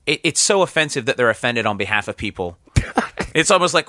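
Canadian comic guy, fast and lively, laughs a lot, bright voice, dry room. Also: mid-range voice, no echo. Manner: animated storyteller, laughs often, acts out voices. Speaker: guest comedian. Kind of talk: casual podcast chat.

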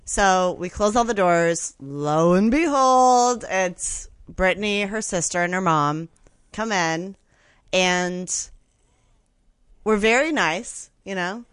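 Woman comedian guest, lower voice, animated chatty storyteller, dry studio. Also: slow pace, clear, resonant tone, no room sound. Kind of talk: casual anecdote telling on a podcast.

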